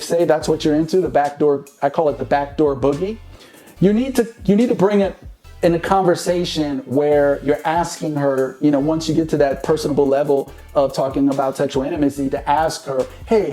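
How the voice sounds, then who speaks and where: A man's voice: a little high, mellow. A man hosting a casual dating advice monologue, who keeps checking in with "you know what I mean?".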